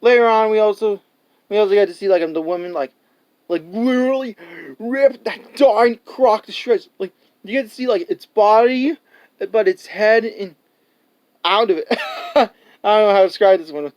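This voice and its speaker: Male reviewer, high smooth voice, loose rambling recap, acts out scenes. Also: moderate pace, darkish tone. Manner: rambling, full of "like" and restarts; laughs often and acts out scenes. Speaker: movie reviewer. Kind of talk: casual spoken movie review.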